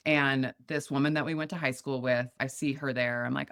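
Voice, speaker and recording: Her pitch is extremely low, yet she talks briskly: a middle-aged Montana woman guesting on a podcast, casually recounting a story and animatedly voicing the characters she quotes. There's no echo, and the sound is studio quality.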